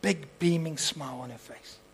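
A man preaching, telling a story and acting out its dialogue, moving between soft asides and loud impassioned peaks. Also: a little high, moderate pace, vocal fry, a little hiss or hum, low-quality recording. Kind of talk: storytelling sermon.

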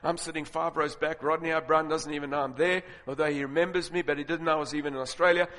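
A man preaching a sermon, telling stories and building to loud, emphatic points. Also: on the high side, steady tone, fast talker. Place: large auditorium with audience. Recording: long reverb of a large hall.

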